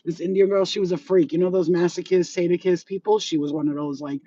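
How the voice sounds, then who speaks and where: A woman hosting her channel, telling stories to viewers in a profane, laughing, animated way. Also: fairly low pitch, fast talker, dull audio, slight background noise. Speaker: channel host. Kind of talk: casual storytelling to viewers.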